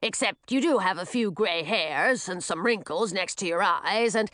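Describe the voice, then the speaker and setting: A woman's voice: mid-range voice, moderate pace, a bit bright, no echo, studio quality, natural voice. Woman playing a brash, cackling old witch.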